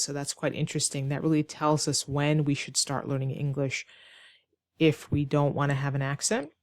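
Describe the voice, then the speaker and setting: A woman teaching an online English lesson, explaining slowly and clearly with rhetorical questions to her students. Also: sits low, dry recording, clean studio sound. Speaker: ESL teacher.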